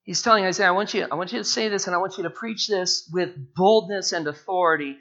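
A male preacher with a bright, forceful voice delivers an expository sermon. He repeats key phrases, drags words out slowly and lifts his pitch when he presses a point. The recording sounds a little dull and lo-fi. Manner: repeats phrases, slows down and rises in pitch for emphasis.

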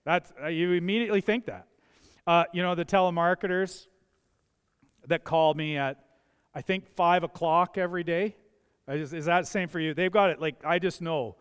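Delivering a sermon in a church sanctuary, a pastor speaks conversationally, sharing anecdotes and building emphasis on his key points. His high voice is clear and smooth, at normal speed. The church livestream carries a long, ringing hall reverb.

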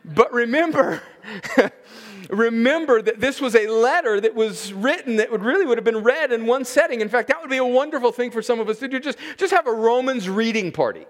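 High-voiced preacher in an echoing hall. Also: male voice, animated. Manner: slows and stresses key words for emphasis. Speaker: pastor. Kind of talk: expository sermon. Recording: long reverb of a large hall.

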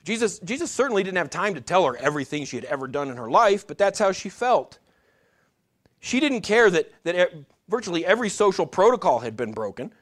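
A man's voice: high-pitched, sing-song, a little fast. A man preaching a sermon, earnest and direct, addressing his congregation and often restarting his phrases. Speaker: pastor.

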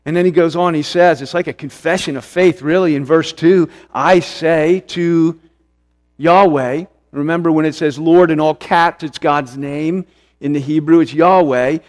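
High-voiced earnest male preacher. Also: steady tone. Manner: earnest, slows for emphasis, repeats phrases. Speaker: pastor. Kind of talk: sermon.

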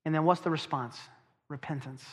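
A man preaching a sermon. He is emphatic, asks rhetorical questions, and slows down to stress key phrases. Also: a little high, steady tone, husky, big-room sound.

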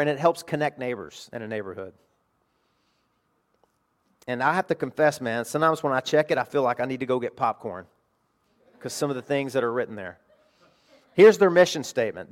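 A middle-aged man preaching a sermon as pastor, emphatic and animated, dropping to quiet asides between bursts. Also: mid-range voice, a little fast, long pauses.

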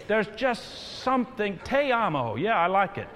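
A man preaching a sermon to a congregation, rising to loud exhortation. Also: high-pitched, very animated, unhurried, slight background noise. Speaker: pastor. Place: large church sanctuary. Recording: reverberant church hall.

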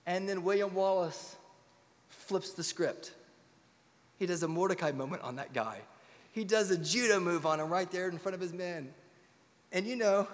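Guy pastor preaching in a big church, kinda high voice, long reverb hanging in the hall. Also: normal speed, pauses often. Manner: impassioned, rhetorical questions, swings from loud to hushed. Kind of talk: sermon. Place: church sanctuary.

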